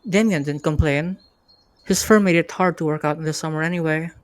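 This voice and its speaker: A woman with a low voice narrates a first-person story on a live reading stream. Her reading is steady and easygoing, and the sound is close and dry. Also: brisk, no echo. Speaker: host and narrator.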